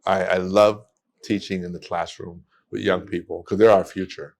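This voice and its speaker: A man, a podcast guest telling stories in a lively way with many restarts. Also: low-pitched, moderate pace, creaky. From United States. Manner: animated storytelling with many restarts. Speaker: guest, immigration attorney. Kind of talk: casual podcast conversation.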